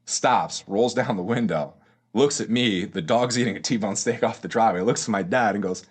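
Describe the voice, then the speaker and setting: His voice is lowish and husky, and he speaks at a moderate pace. A man in his twenties guesting on a podcast, he tells his story casually, full of slang and swearing and frequent "bro"s.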